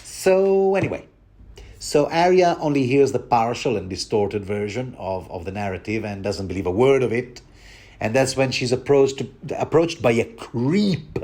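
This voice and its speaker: A man's voice: medium pitch, lively intonation, moderate pace, darkish tone. A man hosting a rambling book commentary, talking digressively and addressing his listeners directly.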